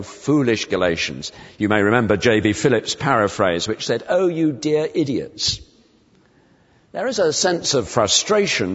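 A man preaching a sermon in a church, measured and expository, slowing down to stress the verses he quotes. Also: mid-range voice. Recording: reverberant church hall, dull lo-fi sound.

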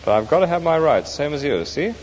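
A man's voice: a little high, big pitch swings, a little fast, darkish tone, highs cut off, voice pushed up. A man voicing a self-righteous, working-class male ghost who grumbles insistently about his rights, recorded in an echoey hall with faint hiss. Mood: indignant. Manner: aggrieved, insistent, coarse talk.

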